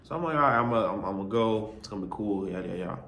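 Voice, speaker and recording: A man's voice: on the low side, lively intonation, very fast, fairly bright tone, reverberant. A young man vlogging as a college student, telling a long story in a rambling, slangy way, with lots of asides and "you know what I mean". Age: young adult. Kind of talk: casual storytelling.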